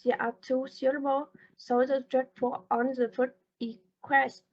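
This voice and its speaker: Slow high-voiced woman reading a lesson. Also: little pitch movement. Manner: slow, careful reading with halting pauses. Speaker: student presenter. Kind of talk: reading a class presentation on word stress. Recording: dull lo-fi recording.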